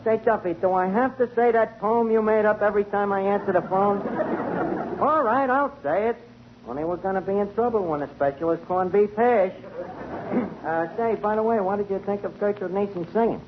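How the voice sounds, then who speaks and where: A man's voice: high voice, brisk, noisy background, natural voice. An actor playing a wisecracking tavern manager with tough-guy slang, in 1940s radio comedy style, on a tinny old broadcast. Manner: Brooklyn tough-guy slang with ungrammatical speech. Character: wisecracking male tavern manager, fast-talking.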